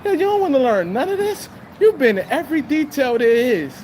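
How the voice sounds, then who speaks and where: A man's voice: very high-pitched, sing-song, fairly quick, darkish tone, a little hiss or hum, voice pushed up. A man imitating a nagging middle-aged male carpentry supervisor with an annoying, whiny little voice, lecturing someone. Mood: scolding. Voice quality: whiny, nasal. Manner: lecturing, scolding.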